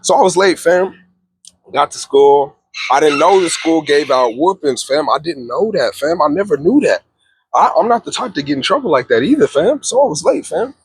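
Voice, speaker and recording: A man's voice: on the high side, lively intonation, normal speed, slight background noise. A young man from Texas telling a casual storytime vlog, laid-back and constantly saying "fam". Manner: laid-back, says "fam" constantly, acts out voices with laughs.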